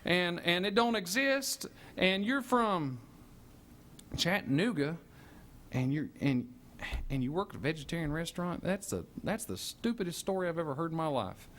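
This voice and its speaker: A man voicing a suspicious rural male police officer, gruff and incredulous. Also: a little high, expressive, normal speed, fairly bright tone, slight background noise, voice pushed up. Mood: mocking.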